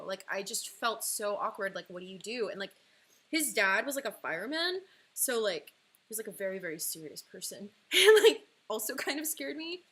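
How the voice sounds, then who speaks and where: Bright-voiced young woman telling a personal story. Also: mid-range voice, sing-song, normal speed. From California. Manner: chatty, heavy use of "like", emotional, breaks into laughs. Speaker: livestream artist and host.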